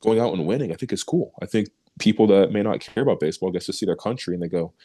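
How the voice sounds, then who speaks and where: A young man with a very low, deep voice tells stories as an interview guest. He acts out what others said and laughs easily, keeping things casual and animated. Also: quick pace, breathy edge. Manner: animated storyteller who acts out quoted remarks, laughs easily.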